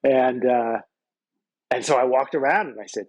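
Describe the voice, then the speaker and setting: A man's voice: medium pitch, fast, vocal fry, darkish tone, no room sound, poor audio. A man and guest musician telling loose, profane anecdotes in casual conversation on a close microphone. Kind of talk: casual storytelling.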